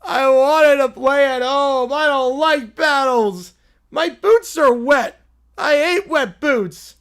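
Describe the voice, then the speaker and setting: A man's voice: very high-pitched, lively intonation, a little slow, fairly bright tone, exaggerated voice. A man voicing a whiny, spoiled little princess girl who demands and complains. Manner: whining, demanding.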